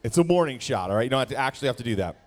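Joking, animated youth-service speaker. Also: male voice, medium pitch, very fast. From Wisconsin. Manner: jokey, animated, talks straight to the crowd. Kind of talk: playful youth sermon. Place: church hall.

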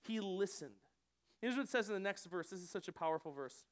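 A man giving a conversational sermon to a room, animated and casual, often acting out what people might say. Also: sits high, a little fast. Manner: conversational, animated, acts out quoted voices. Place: church room with audience.

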